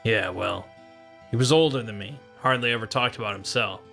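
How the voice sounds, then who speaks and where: Brooding young soldier, read by a man, flat and reserved, bright forceful tone. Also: on the low side, normal speed, vocal fry, soft background music, voice pushed down. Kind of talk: fan voicing of game dialogue.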